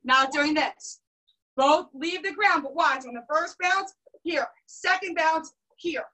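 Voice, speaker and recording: A young woman teaching a karate class over a video call, brisk and commanding as she cues and counts drills. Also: high voice, pushed and bright, recorded from a distance, low-quality recording. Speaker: karate instructor.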